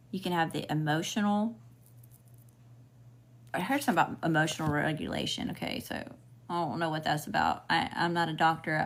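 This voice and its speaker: A woman's voice: lowish voice, fairly bright tone. A woman with a Southern US accent giving a casual spiritual reading as a tarot reader, talking frankly and swearing freely with chatty asides.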